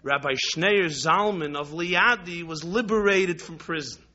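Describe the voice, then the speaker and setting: A man's voice: on the high side, a little slow, bright, forceful tone, highs cut off. A man voicing an innocent young schoolboy answering a teacher in a plain, matter-of-fact way.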